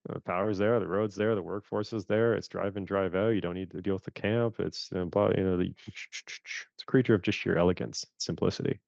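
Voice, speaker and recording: A man from Canada talks through investing stories in a low, gravelly voice, slipping into quoted reactions with animated energy. The sound is dry and a bit dull, with little room around it. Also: brisk, no echo. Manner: animated, acts out his own reactions in quotes. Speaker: fund manager guest. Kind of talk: casual interview storytelling.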